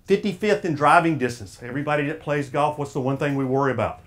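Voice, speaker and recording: A man with a Southern drawl speaks a little above the usual male pitch. He gives a folksy, sermon-like motivational talk and keeps throwing questions at the crowd. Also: fast talker, fairly bright tone. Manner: folksy, preacher-like, quizzing the audience. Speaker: speaker at an officials' association.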